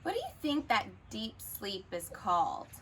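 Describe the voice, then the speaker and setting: A woman's voice: a little high, wildly swooping pitch, a little slow, fairly bright tone, slight background noise, low-quality recording. A woman teacher reading a children's picture book aloud, expressively, and stopping to ask the listener questions.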